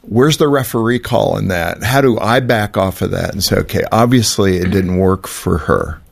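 A man's voice: lowish voice, moderate pace, vocal fry. A man hosting a conversation, talking animatedly and playfully while asking long questions. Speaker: host. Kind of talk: casual conversational interview.

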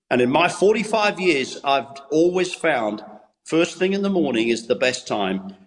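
English pastor preaching with a long reverb. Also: male voice, mid-range voice. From England. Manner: preacherly, rhythmic repetition. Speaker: pastor and evangelist. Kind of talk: devotional talk on a Christian TV show.

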